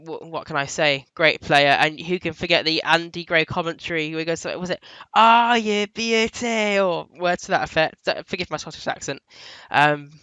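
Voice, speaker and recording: A man co-hosting a casual football chat, giving opinionated, animated picks. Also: a little high, fairly quick, hardly any pauses, clean tone, dry recording, poor audio. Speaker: podcast co-host.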